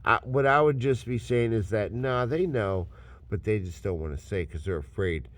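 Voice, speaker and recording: Profane ranting man with swinging pitch. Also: expressive, normal speed, dry recording. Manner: swearing constantly, swings from mocking shouts to low mutters. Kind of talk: profane rant to camera.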